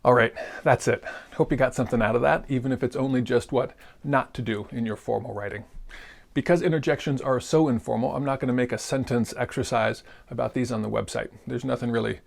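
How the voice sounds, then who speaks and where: A man giving a casual video grammar lesson. He is relaxed and rambling, and jokes with crude humor. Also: medium pitch, brisk, vocal fry. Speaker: grammar teacher.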